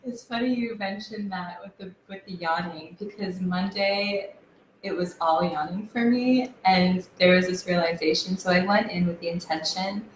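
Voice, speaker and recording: A woman's voice: lowish voice, normal speed, a little hiss or hum. A woman, a guest on a talk show, animatedly telling about her experience with frequent laughs and restarts. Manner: animated storyteller, laughs often, many restarts. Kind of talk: casual conversation. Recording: echoey room with faint ambience.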